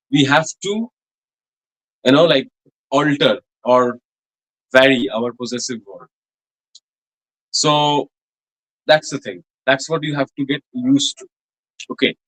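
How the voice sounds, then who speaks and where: A man with a fairly high voice lectures to a college class, circling back over each example with lots of fillers and restarts. He slows right down to spell out and repeat the words he is teaching. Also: fairly bright tone, poor audio. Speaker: French teacher.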